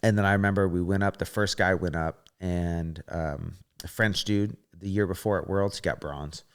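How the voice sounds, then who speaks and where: A man in his thirties, a podcast guest, telling a story in a casual, animated way, swearing often and acting out what people said. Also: low-pitched, moderate pace, smooth. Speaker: podcast guest, former gymnast.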